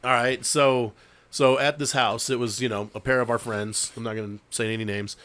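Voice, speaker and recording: Relaxed and profane, this male podcast co-host spins a ghost story peppered with "dude." He has a mid-range, slightly bright voice, a steady tone, and a moderate pace.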